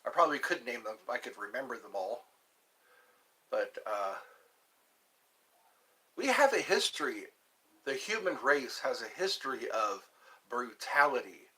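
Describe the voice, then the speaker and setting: A man hosting a live stream alone, musing slowly and meandering while he answers viewer chat. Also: medium pitch, very animated, sharp tone. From United States.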